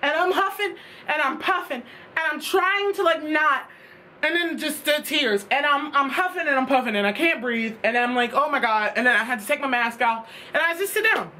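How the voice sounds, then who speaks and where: Animated high-voiced woman ranting. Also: normal speed. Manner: animated, exasperated, swears freely. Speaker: vlogger. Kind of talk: casual storytime rant.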